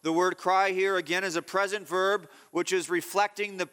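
A male pastor preaching a sermon, explaining calmly and then pressing points with loud emphasis. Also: moderate pace, clear, resonant tone, long reverb tail. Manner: teaching tone, swings from low explaining to loud emphatic scolding.

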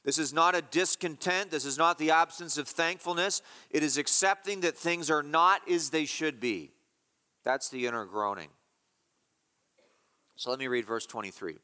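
A man preaching an expository sermon as a pastor, emphatic and repeating key phrases slowly. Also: on the high side, bright, forceful tone, clean tone, long reverb tail.

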